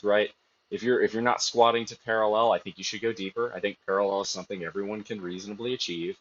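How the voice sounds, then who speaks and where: A man's voice: on the low side, fairly quick, fairly bright tone. A man streaming live from a gym, chatting casually and with strong opinions between sets, swearing freely, in dull lo-fi audio. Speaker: streamer working out. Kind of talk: casual workout chat while lifting.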